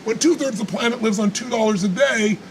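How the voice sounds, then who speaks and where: A man's voice: extremely high pitch, fast talker, a little hiss or hum. A man giving motivational talk in conversation, emphatic and repetitive, telling stories to make his point. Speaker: motivational speaker.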